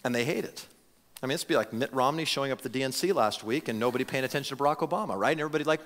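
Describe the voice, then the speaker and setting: A man preaching a sermon as a pastor, talking in an animated, conversational way with frequent restarts. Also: mid-range voice, rapid-fire, in a large hall. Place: church sanctuary.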